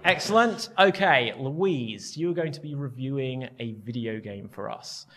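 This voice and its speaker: Brisk man hosting improv. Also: mid-range voice, animated, fairly bright tone. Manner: brisk, cheerful, giving prompts. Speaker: improv show host. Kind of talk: live improv comedy hosting.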